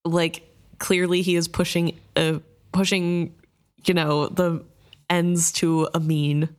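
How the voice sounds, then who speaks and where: A woman's voice: fairly low pitch, flat delivery, slow. A woman co-hosting a casual book discussion, chatty, often saying "like" and laughing easily.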